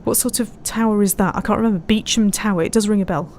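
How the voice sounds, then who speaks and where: A woman's voice: medium pitch, quick pace, darkish tone, slight background noise. A woman streamer chatting casually while flying a simulator, giggling often and reading out viewers' messages. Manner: chatty, giggly, reads chat aloud. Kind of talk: casual live-stream commentary.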